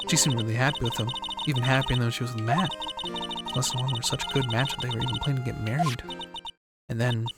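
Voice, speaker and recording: A woman voicing a grim, bitter young woman who tells a painful story in a low, measured way, over loud game music. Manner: low, measured, somber telling.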